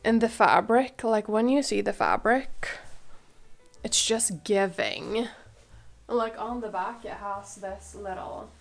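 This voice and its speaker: A woman's voice: medium pitch, slow, faint music behind. Gushing young woman with a cold. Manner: gushing, chatty, peppered with "like" and "oh my god". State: has a cold, a bit out of breath. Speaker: fashion vlogger. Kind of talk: casual try-on chat.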